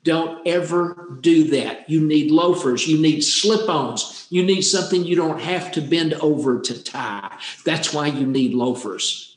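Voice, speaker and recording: A man voicing a serious male physician, speaking slowly and gravely. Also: a little high, close to an everyday voice. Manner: slow and serious. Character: grave male physician delivering bad news. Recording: roomy echo.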